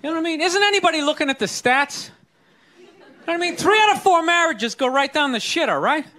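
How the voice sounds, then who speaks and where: A man's voice: very high-pitched, animated, fast talker, pushed and bright. A young man doing a stand-up comedy routine on a club stage, talking casually and profanely and throwing rhetorical questions at the audience. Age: young adult.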